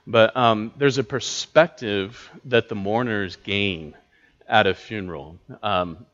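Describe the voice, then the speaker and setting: A man's voice: on the low side, a bit bright. Guy teaching a bible class, lots of ums and restarts, muffled lo-fi sound. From United States. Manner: thoughtful, halting, many filler words and restarts. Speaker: pastor teaching a church class. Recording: dull lo-fi recording.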